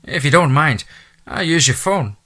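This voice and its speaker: A male narrator plays a cheery, motherly Irish housekeeper of middle age in an audiobook, giving her a chatty brogue. He pitches fairly high, above his own natural voice, sounding pushed, bright and expressive at a normal speed.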